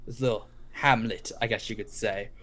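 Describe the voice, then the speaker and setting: A man's voice: lowish voice, steady tone, moderate pace, fairly bright tone, pitched below the performer's own voice. A man voicing a tough, menacing thug leader who mocks and taunts. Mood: smug. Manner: mocking, taunting.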